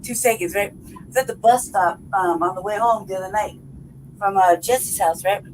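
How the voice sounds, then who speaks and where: Laughing as she goes, this woman hosts a podcast and spins a rambling, profane tale in relaxed conversation, repeatedly asking "right?" and "you know what I mean?" She speaks at a normal speed in a mid-range voice, and the audio is poor with slight hiss or hum.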